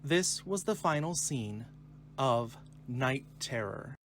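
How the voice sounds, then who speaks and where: A man narrating the stage directions of a screenplay reading in a clear, measured way. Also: medium pitch, animated, fairly bright tone, slight background noise.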